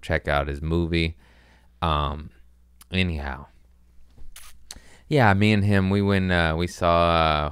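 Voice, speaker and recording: A man's voice: low voice, fairly bright tone, clean tone, dry recording, clean studio sound. A man hosting a podcast, talking loosely and profanely in a jokey comedic rant.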